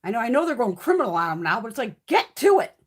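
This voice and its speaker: A woman's voice: on the high side, sing-song, fast, husky. A woman hosting a casual live stream, ranting bluntly and profanely, reacting to chat comments as she goes. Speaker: beauty livestream host.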